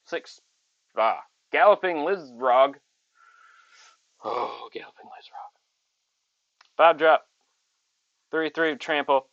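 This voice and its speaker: A man's voice: fairly high pitch, slow pace, creaky, pauses often, no room sound. Man, casual card-opening commentary, dry close sound, dull lo-fi audio. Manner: chatty, reads card text aloud with excited asides. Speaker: channel host.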